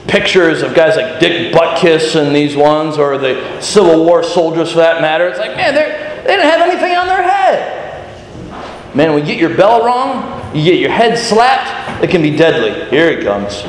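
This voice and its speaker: A man preaching a sermon to children, animated and often asking them questions. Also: sits high. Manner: animated, questioning the audience, restarts. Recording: echoey hall with faint noise.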